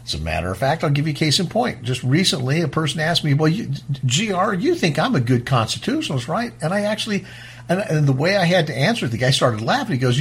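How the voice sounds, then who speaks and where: A man hosting a talk show, speaking in a fast-paced, emphatic way and often restarting his words. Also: on the high side, very animated, breathy edge. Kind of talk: casual talk-show monologue.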